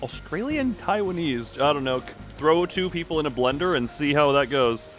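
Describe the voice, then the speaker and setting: A man's voice: on the high side, animated, normal speed, faint music behind. A man streaming a game, rambling casually and reading lines aloud with self-mocking asides.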